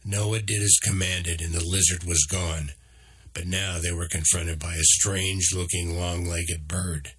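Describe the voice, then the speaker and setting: A man narrating a children's adventure story in a steady reading voice. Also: breathy edge. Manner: slow, steady, deep reading.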